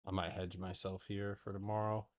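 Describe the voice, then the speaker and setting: A young man giving casual live trading commentary to his community, excitable and profane, talking in broken half-sentences. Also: low-pitched, brisk. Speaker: stock trading streamer.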